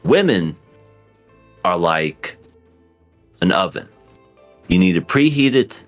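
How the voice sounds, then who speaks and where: Man, slow delivery, crude laughing banter, lively pitch. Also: soft background music. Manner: crude, laughing, drawn-out storytelling. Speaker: podcast co-host. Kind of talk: casual podcast chat.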